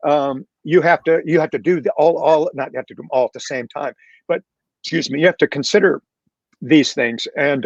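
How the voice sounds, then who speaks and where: A candid, reflective man speaks on a casual panel with a self-deprecating edge. His voice sits a little high for a man. The sound is muffled and dry, with no room echo. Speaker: panel guest, real estate leader. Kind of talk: casual video-call panel talk.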